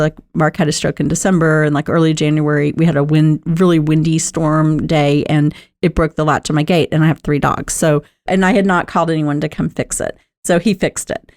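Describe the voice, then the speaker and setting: A woman's voice: lowish voice, darkish tone. A middle-aged woman talking candidly about keeping a positive mindset, conversational with lots of fillers and laughter. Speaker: talk host. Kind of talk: personal talk on positive mindset.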